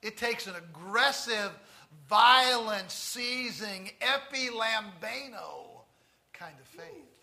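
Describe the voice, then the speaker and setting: A man with a Tennessee accent preaching a sermon, stressing key words slowly and turning to the congregation with folksy asides. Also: high-pitched, animated, gravelly, bright, forceful tone. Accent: Southern US, Tennessee.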